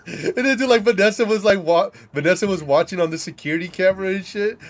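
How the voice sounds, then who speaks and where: A man's voice: high-pitched, animated, fairly quick. A young man casually telling a rambling, profane story while gaming, laughing often and restarting his sentences. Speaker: gamer streaming with friends.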